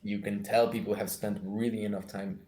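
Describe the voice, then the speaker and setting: Young guy from mexico w/ american accent, rambly casual chat, lowish voice, echoey room. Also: little pitch movement, a little fast, warm tone. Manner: rambling, many fillers and restarts.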